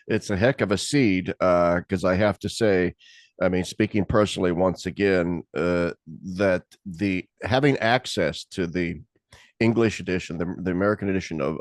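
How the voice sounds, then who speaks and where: A low-voiced man in his sixties hosts an interview. He talks earnestly and at length, often restarting his sentences, and his voice sounds dry and close. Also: no room sound. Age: 60s. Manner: discursive, earnest, with many restarts. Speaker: interview host. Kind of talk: conversational interview.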